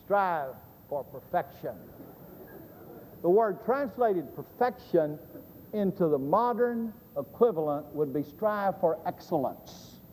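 A man's voice: high-pitched, animated, slow, a little mellow, slight background noise. A middle-aged man teaching a Bible lesson sermon-style, emphatic and quizzing his listeners with questions he then answers. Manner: emphatic, asks the audience questions and answers them. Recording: long reverb of a large hall.

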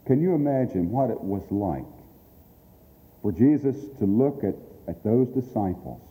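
With long hall reverb behind him, a man speaks a little slowly in a lowish, warm, animated voice. His topic is radio outreach, delivered sermon-style and earnestly, with his points underlined through emphatic repetition.

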